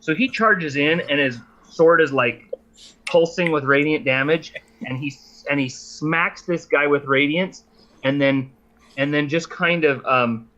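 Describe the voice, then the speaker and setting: A man's voice: fairly high pitch, unhurried, pushed and bright. Hesitant male player on a dull mic. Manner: hesitant, with many fillers and restarts while describing his move. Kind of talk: casual play at a tabletop game.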